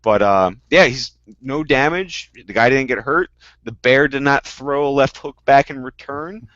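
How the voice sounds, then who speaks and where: A man of middle pitch telling animated stories in a casual podcast chat, getting loud for the punchlines. His voice is dry and close to the mic. It comes through a dull, lo-fi online call. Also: unhurried, dry recording. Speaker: guest panelist.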